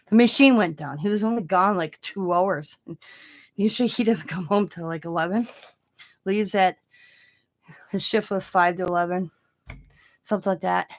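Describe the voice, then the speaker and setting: A middle-aged woman chatting casually about her day while she crafts, rambling and laughing as she goes. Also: on the low side. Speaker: craft vlogger.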